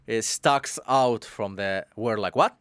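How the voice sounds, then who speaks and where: A man's voice: lowish voice, takes it slowly, fairly bright tone, smooth, no room sound. A man co-hosting a casual podcast chat, mostly giving short agreeing replies and laughing along.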